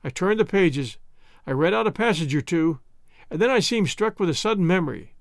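A man narrating an adventure novel in first person as an audiobook reader, with steady clear delivery. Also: high-pitched, a little fast, no room sound, clean studio sound.

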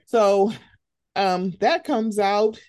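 A young woman hosting a podcast in casual chat, animated and jumping into high, excited voices as she tells stories. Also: drawn-out words, no echo, studio quality. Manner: animated, swings into high excited voices when quoting herself. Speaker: podcast host.

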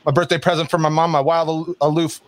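A man's voice: a little high, level tone, fast, no echo. A man co-hosting a casual chat, laid-back and rambling, laughing easily. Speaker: podcast co-host.

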